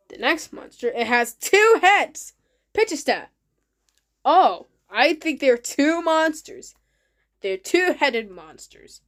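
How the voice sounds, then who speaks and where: A woman with a high voice narrates her own video in a loose, casual way. She sounds eager and keeps her phrasing simple and repetitive. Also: a bit bright. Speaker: channel host.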